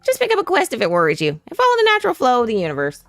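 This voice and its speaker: Woman voicing a relaxed retired Southern old lady for a game, folksy drawl, lively pitch, dry sound. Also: racing, no room sound, faint music behind. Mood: folksy advice. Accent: put-on Southern drawl.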